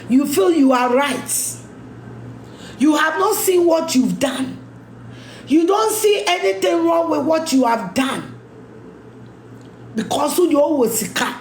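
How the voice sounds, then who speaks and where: A woman's voice: high-pitched, echoey room, a little hiss or hum. A Ghanaian woman giving a scolding, emphatic rant, speaking English mixed with Twi and repeating her points. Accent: Ghanaian English, mixing in Twi. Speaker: commentator. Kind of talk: ranting social media commentary.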